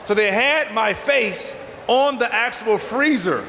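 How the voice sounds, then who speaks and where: A man from the American South works the crowd like a preacher, his voice pitched high and full of call-and-response energy. He speaks in a large indoor hall, and his words ring back with a long, roomy reverb and a faint hiss of noise underneath. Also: animated, slow, bright, forceful tone. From Southern United States. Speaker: festival speaker, vegan chef. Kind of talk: motivational talk.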